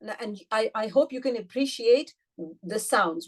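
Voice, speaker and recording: A woman teaching an online recitation class. She explains patiently, asks her students questions and says sounds slowly, several times over. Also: on the high side, breathy edge. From United Kingdom. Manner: patient, demonstrates sounds slowly and repeats them; addresses students directly with questions. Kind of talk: online tajweed lesson.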